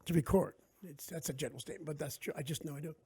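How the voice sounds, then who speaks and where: A man from South Jersey, an author guest on a podcast, talking casually in an animated, salty, joking way. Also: on the high side, very fast, slightly rough, no echo.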